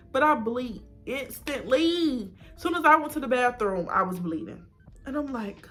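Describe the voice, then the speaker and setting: A young woman vlogger telling her own story in a casual, animated way, acting out what people said. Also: sits high, measured pace, faint music behind. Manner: casual and animated, acts out voices in quotes. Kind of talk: emotional personal storytelling.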